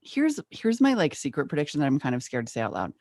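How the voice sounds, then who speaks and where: Lively woman podcast co-host, dry mic. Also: no echo. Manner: animated, laughs often, quick pitch jumps. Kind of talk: casual chat. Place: home studio.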